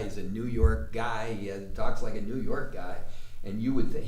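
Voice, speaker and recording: A man's voice: on the low side, darkish tone, distant mic. A male acting teacher lectures his class, drifting into a rambling personal story with plenty of fillers. He sounds set back from the mic in a roomy studio. A faint hiss sits under his voice.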